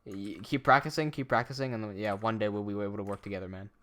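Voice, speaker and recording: A man's voice: fairly low pitch, quick pace, a bit bright. A young man animator chatting casually on a livestream; he reads the chat aloud, laughs often and swears a lot. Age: young adult.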